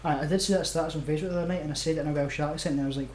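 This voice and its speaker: A man on a podcast, tossing in quick jokes and asides among friends. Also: on the high side, fairly even intonation, a little mellow, slight background noise. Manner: rapid, jokey interjections. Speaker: podcast co-host. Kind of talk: casual banter.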